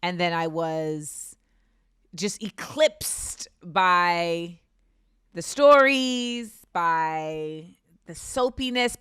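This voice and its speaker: Bright, crisp-voiced woman guest. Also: lowish voice, extremely slow, no echo, clean studio sound. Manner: animated, emphatic storytelling. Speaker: podcast guest. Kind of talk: casual chat.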